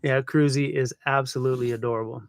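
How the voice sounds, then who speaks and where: A man's voice: medium pitch, fairly even intonation, fast, vocal fry, dry recording. A man chatting casually on a live stream from a workshop, laughing and calling everyone bro, with a dog close by. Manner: laid-back, laughing, calls everyone bro. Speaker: van-life live streamer.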